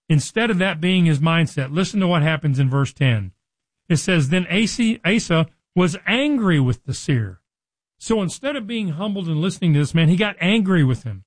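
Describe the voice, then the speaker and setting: Higher-voiced man teaching from the Bible. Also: moderate pace, no echo. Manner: retells scripture with lively dramatized quotes. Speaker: preacher.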